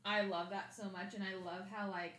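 A woman's voice: mid-range voice, flat delivery, normal speed, fairly bright tone. A woman co-hosting a podcast in casual, gushing chat, recorded at home. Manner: chatty, gushing. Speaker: podcast co-host. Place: home room, people outside. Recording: roomy echo.

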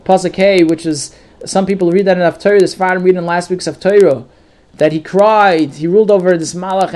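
A man with a fairly high voice teaches a weekly Torah portion, reading out each verse before explaining it. He mixes Yiddish words into his English and often restarts his sentences. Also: a little mellow. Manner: reads Hebrew verses then translates, with restarts and Yiddish words. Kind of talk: line-by-line Torah lesson with translation.

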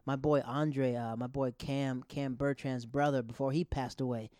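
Man, thirties, casual grieving storytelling, halting with restarts, mid-pitched, dry close sound. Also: fairly even intonation, darkish tone, no echo. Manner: rambling, halting, with many restarts.

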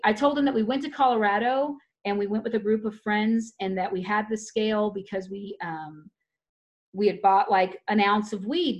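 A woman talking in a loose, rambling way, often restarting her sentences as she tells a personal story in casual chat. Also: medium pitch.

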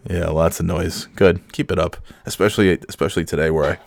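A man's voice: deep voice, fairly even intonation, fairly quick, vocal fry. A middle-aged man hosting a solo podcast from home, sick and half awake, holding back coughs and rambling with self-mocking chuckles. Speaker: podcast host. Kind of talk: casual solo podcast monologue. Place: home with kids heard in the background.

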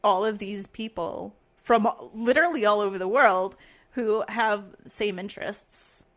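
A woman's voice: medium pitch, measured pace, fairly bright tone. A woman co-hosting a casual podcast, rambling with many fillers and frequent laughs. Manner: rambling, giggly, lots of fillers. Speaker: podcast co-host.

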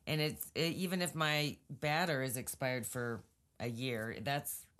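A woman's voice: a bass voice, unhurried, fairly bright tone. A woman co-hosting a podcast, rambling through stories in casual chat, laughing often and teasing her co-host.

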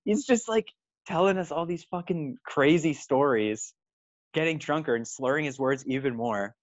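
A touring musician tells a tour story in casual podcast chat, swearing a lot and laughing his way through it. His voice is on the high side at normal speed, and the recording has no echo but sounds lo-fi.

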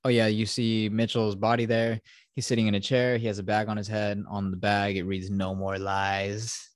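A man's voice: lowish voice, flat delivery, moderate pace, dry recording. Man casually retelling a film, dry sound. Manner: rambling retelling with profanity and many fillers. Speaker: podcast host. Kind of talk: casual podcast chat.

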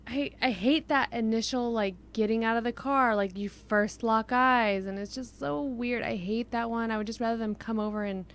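An easygoing woman with a fairly high voice chats casually and laughs often. She tells her side of a date in a relaxed, plain way. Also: normal speed, hardly any pauses. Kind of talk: casual chat.

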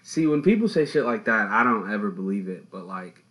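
A young man hosting a casual podcast, telling stories in an animated, slangy way. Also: lowish voice, a little fast, low-quality recording. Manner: animated, slangy storytelling with loud laughing outbursts. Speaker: podcast host.

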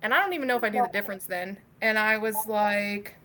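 A woman's voice: mid-range voice, fast talker, bright, forceful tone, slight background noise. A young adult woman telling her story as a podcast guest, talking casually with lots of "like" and "um" and easy swearing. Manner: chatty, frequent "like" and "um" fillers.

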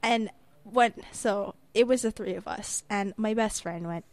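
A woman's voice: mid-range voice, measured pace. A young woman co-hosting a podcast, telling a story in casual chat and acting out the people in it. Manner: animated storyteller, acts out voices in quotes. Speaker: podcast co-host.

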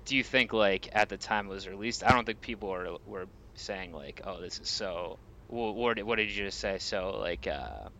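A man's voice: lowish voice, moderate pace, vocal fry, hardly any pauses, slight background noise, poor audio. A man co-hosting a casual movie podcast, talking through films and arguing his opinions with energy. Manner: animated, pushes back in debate. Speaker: podcast co-host.

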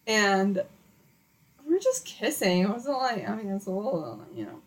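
A young woman co-hosts a podcast at a moderate pace and medium pitch that swoops wildly. In casual, chatty conversation she tells a long story packed with "like" and acted-out quotes. The recording quality is low.

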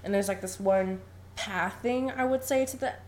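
In a medium-pitched voice at normal speed, a young podcast co-host walks through a film recap in relaxed chat. She's lively, laughs a lot, and plays out the characters' dialogue.

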